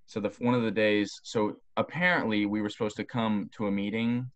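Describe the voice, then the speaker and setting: A young man, a former college football player, telling long rambling stories in casual podcast talk, profane and animated. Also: fairly low pitch, a little fast. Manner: rambling, profane, animated storytelling with voiced quotes.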